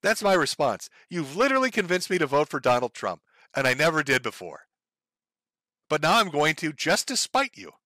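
A man's voice: a little high, sing-song, moderate pace, pushed and bright, no echo, clean studio sound. A man giving a heated, profane political rant, full of sarcastic mocking impressions. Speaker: commentary streamer. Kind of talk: ranting political commentary.

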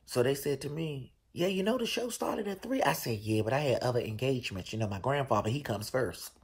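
Brief: DC-male host, husky, gravelly storyteller with big swings in pitch. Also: brisk. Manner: animated, profane storytelling with loud, high bursts. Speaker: show host. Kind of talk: casual storytelling.

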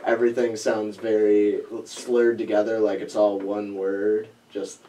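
A man hosting a casual chat, talking haltingly and laughing through his sentences. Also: lowish voice, little pitch movement, dark tone, distant mic, slight background noise. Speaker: podcast host.

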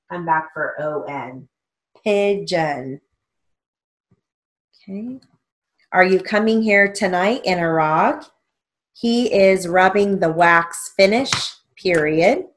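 Lady slowly reading dictation for a steno class, lowish voice, spells stuff out. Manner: slow, measured dictation, spelling out letters. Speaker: steno theory instructor. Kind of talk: dictation lesson with explanations.

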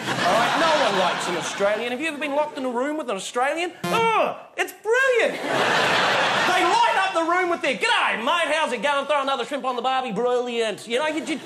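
A man ranting as a comedian in a comic debate, rambling and excitable in a mock-earnest way. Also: very high-pitched, background noise. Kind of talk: stand-up comic rant. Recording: loud studio audience laughter.

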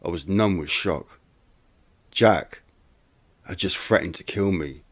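Male narrator, lowish voice, conversational first-person true-crime read. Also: slow, slightly rough. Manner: plain, conversational storytelling. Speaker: audiobook narrator.

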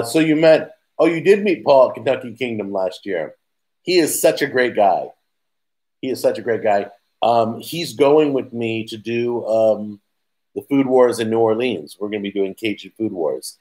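A man's voice: on the low side, a little mellow, poor audio. Rambling, chatty man hosting a casual stream. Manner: rambling, chatty, quick asides, laughs at his own stories. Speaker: host. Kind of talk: casual live chat answering viewers.

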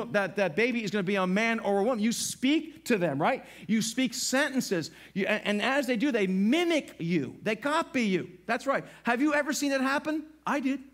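A middle-aged man pastor preaching a sermon in a church, animated and acting out little voices as he talks. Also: high-pitched, moderate pace, few pauses. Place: church sanctuary.

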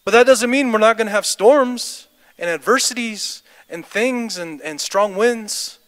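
A man's voice: sits high, unhurried, a bit bright. A man preaching a sermon and then praying, impassioned and repetitive, building to declarations. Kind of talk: sermon with closing prayer. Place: church service. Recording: music underneath. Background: music playing under the preaching.

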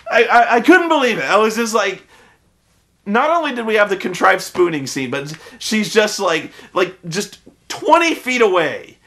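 A man's voice: high-pitched, big pitch swings, normal speed, fairly bright tone. A man in a casual, profane film review rant, exasperated and full of restarts.

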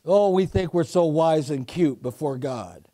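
A pastor with a high voice preaches a sermon. He draws out his phrases slowly, then drops low and quiet to tell a story before he climbs back up to a shout. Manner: preaching with swings from soft to shouting.

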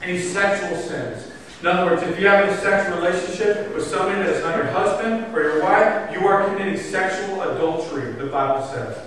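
A man with a high voice preaches with passion, rising to loud urging and dropping to hushed pleading. He is heard from a distance in a church hall with a long, booming echo and faint room noise behind him. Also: a little fast. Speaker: pastor. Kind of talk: sermon. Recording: echoey hall recorded from afar.

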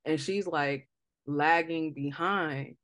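A woman's voice: deep voice, slow pace, fairly bright tone, no room sound. Blunt slangy young woman podcaster. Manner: blunt, slangy, emphatic storytelling. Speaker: podcast host. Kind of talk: casual chat.

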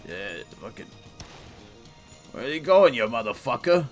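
A man giving casual, profane, excitable commentary while playing a video game. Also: mid-range voice, a little slow, faint music behind. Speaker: let's play host.

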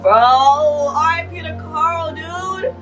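Excitable high-voiced young woman gamer. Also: takes it slowly, far from the mic. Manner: excitable, shouts and laughs often, slangy. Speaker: gaming channel host. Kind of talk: excited let's-play commentary. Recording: voice a bit off-mic over game music.

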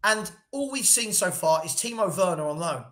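A man's voice: high voice, expressive, normal speed, fairly bright tone, echoey room. A man co-hosting a casual football debate, blunt and passionate, repeating himself when heated. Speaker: football podcast co-host.

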